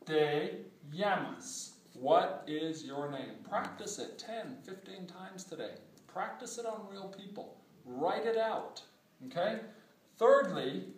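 A man teaching a Spanish lesson, speaking emphatically and repeating phrases slowly for drilling. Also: on the high side. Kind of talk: spoken language lesson. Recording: echoey room, voice from a distance.

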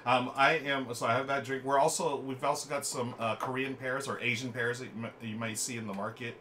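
A man's voice: mid-range voice, flat delivery, fairly quick, sharp tone, slight background noise. A man hosting a live game stream, chatting casually and reading viewer comments aloud at a desk mic. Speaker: streamer host. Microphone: desk microphone.

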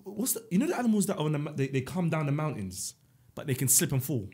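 Husky man telling comic stories. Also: on the high side, fast. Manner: animated, comic storytelling. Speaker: podcast co-host. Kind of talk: casual chat.

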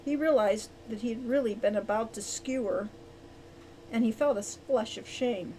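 Woman audiobook reader, bright higher voice, gives each character its own voice. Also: normal speed, a little hiss or hum, low-quality recording. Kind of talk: storybook narration.

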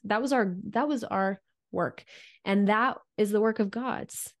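A woman with a fairly high voice, unhurried, hosts a faith podcast and reflects on belief. She muses earnestly, restarting often and speaking in bursts of emphasis.

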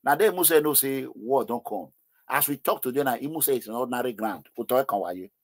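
Excitable Nigerian man hosting a call-in show. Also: mid-range voice, fast. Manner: excitable, mixes Nigerian Pidgin into English. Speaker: host of a call-in political show. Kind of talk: animated political commentary with callers.

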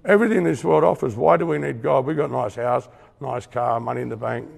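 A man's voice: mid-range voice, fast talker, gravelly, darkish tone, husky, long reverb tail. A middle-aged Australian man giving an earnest, emphatic testimony sermon in a conversational way, with acted-out asides. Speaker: preacher.

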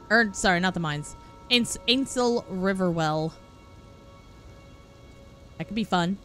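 A woman streamer giving excitable, exclamatory live gameplay commentary, swearing freely. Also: medium pitch.

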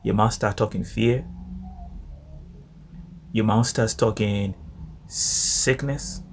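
A man teaching a devotional Bible study in an animated way, repeating phrases for emphasis. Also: fairly low pitch, slow pace, long pauses, a little hiss or hum.

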